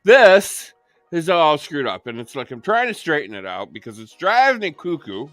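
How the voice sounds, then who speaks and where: A man co-hosting a late-night casual chat, telling stories in a profane, animated way. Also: on the high side, normal speed, soft background music. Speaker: co-host.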